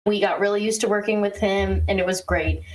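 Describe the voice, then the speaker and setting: A woman co-hosting a podcast, telling a story in a casual, animated way with quick asides and exasperated laughs. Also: medium pitch, low-quality recording. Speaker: podcast co-host.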